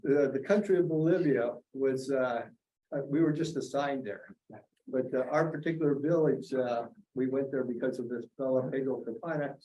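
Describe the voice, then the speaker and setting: A man in his seventies telling a story at a college reunion, halting with many fillers. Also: mid-range voice, mellow, highs cut off. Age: 70s. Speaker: reunion alumnus. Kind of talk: casual storytelling. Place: college meeting room. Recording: roomy hall, distant mic, faint noise.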